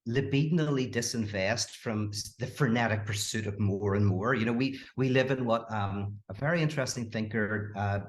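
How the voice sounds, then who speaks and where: Animated man, podcast guest. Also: lowish voice, moderate pace, hardly any pauses. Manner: animated, laughs often, frequent restarts. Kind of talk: casual conversation.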